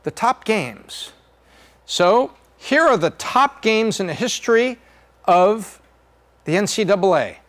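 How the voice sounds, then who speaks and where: A man's voice: sits high, lively intonation, slow pace. A man hosting a podcast, talking casually through slides and acting out little jokey voices. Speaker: podcast host.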